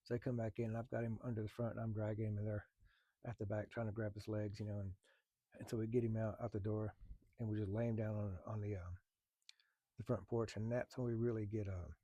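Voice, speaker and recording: Man, husky and dark tone, blunt, profane, halting, personal storytelling. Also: fairly low pitch, little pitch movement, no room sound, dull audio. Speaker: firefighter telling a personal story. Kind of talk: candid storytelling.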